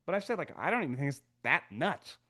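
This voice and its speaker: Opinionated man in a live sports reaction. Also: fast. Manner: animated, opinionated, acts out quotes with pitch jumps. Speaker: podcast host, former NFL scout.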